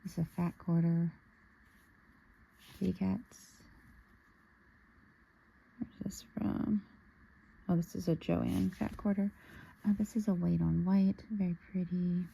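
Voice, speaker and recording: A woman's voice: lowish voice, steady tone, slow, creaky, long pauses, mellow, slight background noise, rough recording. A woman casually showing a fabric haul, musing aloud and sometimes dropping to a near-whisper. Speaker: sewing vlogger. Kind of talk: casual show-and-tell haul.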